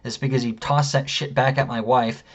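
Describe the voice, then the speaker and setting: A man's voice: mid-range voice, steady tone, moderate pace, dull audio. A man telling a story in an angry, profane rant, heated and indignant. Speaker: vlogger.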